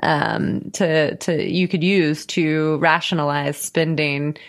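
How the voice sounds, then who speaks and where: Slightly low-voiced woman co-hosting a podcast. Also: steady tone, slow. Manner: laughs often, chatty. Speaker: podcast co-host. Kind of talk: casual chat.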